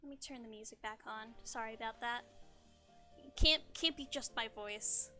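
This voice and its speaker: A woman's voice: a little high, normal speed, sharp tone, faint music behind. A young woman streamer chatting casually, bubbly and giggly, often stumbling over her words. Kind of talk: casual livestream chat.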